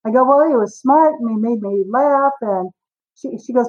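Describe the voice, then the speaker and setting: A woman in her forties, a guest author on a podcast interview, telling stories with lively acted-out dialogue. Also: a little high, normal speed, dull audio. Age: 40s. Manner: animated storyteller, acts out dialogue.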